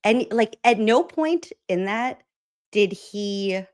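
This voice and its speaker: A woman's voice: medium pitch, animated, slow pace. A woman hosting casual political commentary, chatty and opinionated, with lots of "like" fillers.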